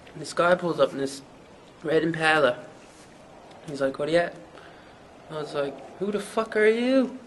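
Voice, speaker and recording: An actor with a Newfoundland accent playing a young small-town rapper who rambles through a hazy, profane story in an interview. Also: male voice, a little high, slight background noise, close to an everyday voice, rough recording. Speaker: mockumentary interviewee.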